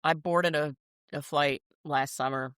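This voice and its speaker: A woman's voice: deep voice, steady tone, measured pace, fairly bright tone, dry recording, studio quality. A woman in her fifties chatting casually as a co-host, laughing often and telling stories with animation. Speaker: podcast co-host. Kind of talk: casual chat.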